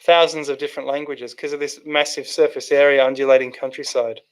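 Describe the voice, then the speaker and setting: A man's voice: mid-range voice, flat delivery, a little fast. A man hosting a casual livestream, reading out chat comments and rambling with many restarts and fillers.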